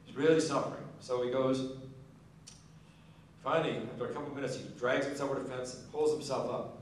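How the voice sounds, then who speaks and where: A man's voice: mid-range voice, flat delivery, brisk, slight background noise. Man telling a folksy story in an echoing hall. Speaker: speaker at a Marine Corps ball. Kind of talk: after-dinner joke telling. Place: large banquet hall. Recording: echoey banquet hall, distant mic.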